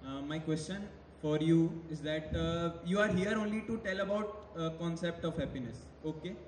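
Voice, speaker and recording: A man in the audience asking a question in a halting way, with many fillers. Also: fairly high pitch. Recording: echoey hall from far off, faint noise.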